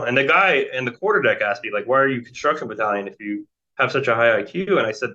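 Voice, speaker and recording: Rambling American man, bright lo-fi voice. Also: medium pitch. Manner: rambling, many fillers and restarts. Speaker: interview guest. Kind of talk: casual storytelling. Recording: dull lo-fi sound.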